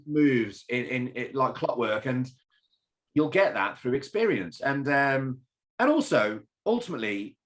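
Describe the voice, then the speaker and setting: A man from England, a fitness event founder, chatting as a podcast guest, lively and blunt, with the odd swear word. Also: mid-range voice, unhurried. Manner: animated, swears, storytelling. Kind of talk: casual interview chat.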